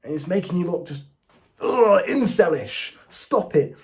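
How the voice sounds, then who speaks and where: A man's voice: high voice, big pitch swings, a little slow. A young man giving dating advice straight to camera, casual and blunt, calling the viewer bro. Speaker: dating coach. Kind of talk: direct-to-camera advice talk. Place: indoors, seated before a camera.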